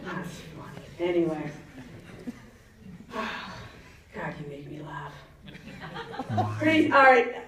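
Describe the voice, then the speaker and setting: A woman's voice: low-pitched, big pitch swings, slow, long pauses, very noisy. Woman, 50s, stand-up comic, chatty and giggly; very echoey room, distant mic. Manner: chatty, laughs at her own jokes, asks the crowd. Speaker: stand-up comedian. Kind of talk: stand-up comedy set. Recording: echoey venue, mic far off, faint ambience.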